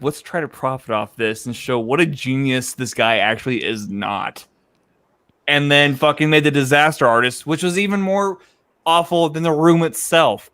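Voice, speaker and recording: A man's voice: a little high, fairly bright tone, no echo, studio quality. A young man co-hosting a casual movie podcast, blunt and profane when he rants. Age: young adult. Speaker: podcast co-host. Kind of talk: casual chat.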